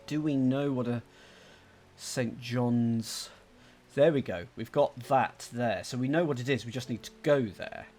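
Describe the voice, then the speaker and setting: A man's voice: medium pitch, a little slow, a little mellow, a little hiss or hum. A man hosting a let's play, thinking aloud, muttering to himself and reading out game text. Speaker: gaming channel host.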